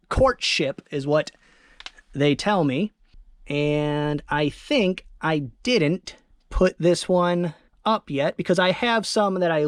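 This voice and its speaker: A chatty eBay reseller from northern Michigan, rambling casually through their sales while moving around a home storage room. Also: medium pitch. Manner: rambling, chatty, self-deprecating. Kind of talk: casual vlog.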